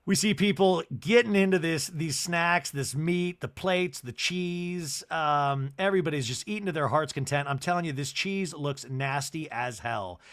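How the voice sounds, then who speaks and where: A man hosting a podcast and giving a comedic recap of a TV episode in a chatty, animated way, acting out what people said. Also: a little high, moderate pace, few pauses. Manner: chatty and animated, acts out quotes. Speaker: podcast host.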